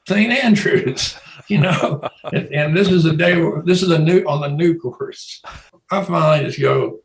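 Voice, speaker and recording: A man's voice: a little high, expressive, measured pace, creaky, reverberant, poor audio. A man telling a long rambling story in casual chat, laughing often and restarting his sentences. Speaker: guest telling stories.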